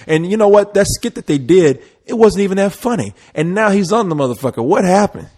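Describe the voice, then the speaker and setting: A man's voice: sits high, lively intonation, fairly quick, hardly any pauses, darkish tone. A man co-hosting a casual podcast, talking bluntly and swearing freely. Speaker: podcast co-host. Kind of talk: casual chat.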